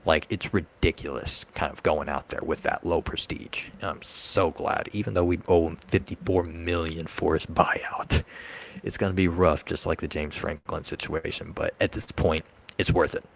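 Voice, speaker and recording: Man, very deep, gravelly, heated sports rant. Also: fairly even intonation, moderate pace, a little hiss or hum. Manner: heated, ranting fan. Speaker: podcast co-host. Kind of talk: casual sports chat.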